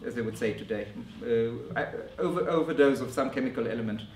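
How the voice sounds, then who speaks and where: A man giving a scholarly conference lecture in a measured way, often restarting his phrases. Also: mid-range voice, darkish tone, slight background noise. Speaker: academic lecturer. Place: lecture room. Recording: roomy echo from a distant mic.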